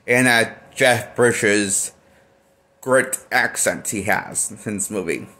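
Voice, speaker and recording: A man's voice: on the low side, slow pace, pushed and bright. A man giving a casual film review as a movie critic, blunt and profane, rambling and restarting his sentences often.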